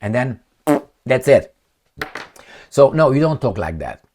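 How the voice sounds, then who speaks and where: A man's voice: medium pitch, very animated, measured pace, a little mellow, a little hiss or hum. A man hosting his own opinionated commentary vlog, talking bluntly and profanely, repeating words for stress and making gunfire and kicking noises with his mouth. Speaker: channel host.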